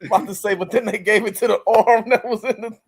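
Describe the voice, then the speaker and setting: A man's voice: sits high, fairly even intonation, fast, breathy edge. A man co-hosting a casual movie chat, laughing as he retells jokes from the film.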